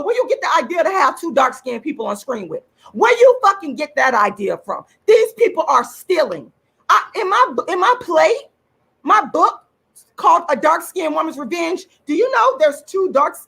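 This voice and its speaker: A woman's voice: high voice, vocal fry, fairly bright tone. A woman hosting her own channel, ranting angrily on a livestream in a profane, repetitive way, enraged. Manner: furious, profane, repeats points for emphasis. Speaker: channel host and activist. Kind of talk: angry livestream rant.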